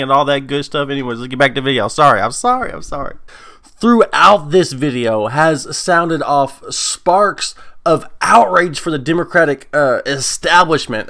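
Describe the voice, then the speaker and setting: A man hosting his own channel, chatting casually and excitedly, rambling and laughing often. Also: mid-range voice. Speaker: commentary channel host. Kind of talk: casual vlog chat.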